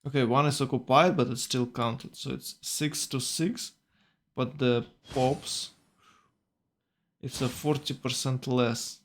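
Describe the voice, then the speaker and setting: Male tournament caster, unhurried, halting, often corrects himself mid-sentence. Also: mid-range voice, fairly even intonation, a bit bright, slight background noise. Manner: hesitant, self-correcting, thinking aloud. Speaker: tournament commentator. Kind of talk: strategy game commentary.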